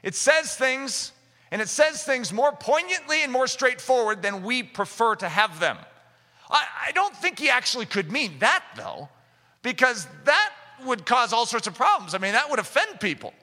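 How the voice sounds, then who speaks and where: A man preaching a sermon with fervor, rising to shouts for emphasis. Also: very high voice, sing-song, normal speed. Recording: echoey hall reverb.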